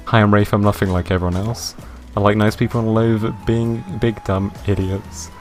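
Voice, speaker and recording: Man reading a prickly idealist guy for a game, deadpan, lowish voice. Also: normal speed, soft background music, close to an everyday voice. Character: prickly idealistic young man who hates greed.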